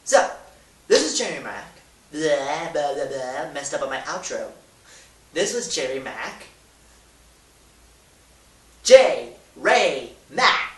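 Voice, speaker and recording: A man hosting a casual how-to vlog, talking in a goofy, rambling way with loud demonstrations. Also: on the high side, very animated, a little slow. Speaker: YouTuber. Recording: echoey room, distant mic, hiss.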